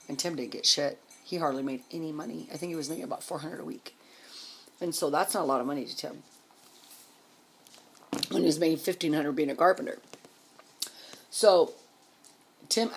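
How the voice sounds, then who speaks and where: A woman telling her life story casually on a vlog, blunt and swearing freely, with quick emphatic bursts. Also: sits low, slight background noise. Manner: rapid, emphatic delivery.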